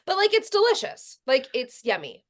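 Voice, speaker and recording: A woman's voice: high voice, huge pitch swings, moderate pace. A woman co-hosting a podcast in casual chat, with frequent "like" fillers. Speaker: podcast co-host.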